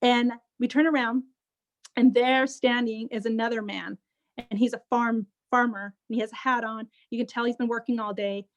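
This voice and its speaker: A woman, a social worker, telling a personal story as an interview guest in an animated, conversational way. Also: fairly high pitch, normal speed. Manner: animated, acts out others' speech.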